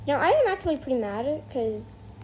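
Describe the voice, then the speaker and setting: A woman's voice: high-pitched, very animated, moderate pace, a little mellow, slight background noise, rough recording. A female gamer chatting casually over her gameplay, rambling, correcting herself mid-sentence and slipping into mock outrage. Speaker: gameplay streamer.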